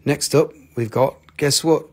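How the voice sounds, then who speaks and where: A man's voice: on the high side, unhurried, a little mellow. A man from North Carolina hosting a live crystal sale, joking and rambling as he shows each piece. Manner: jokey, rambling, self-mocking. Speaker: host of a live crystal sales stream. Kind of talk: casual live sales chat.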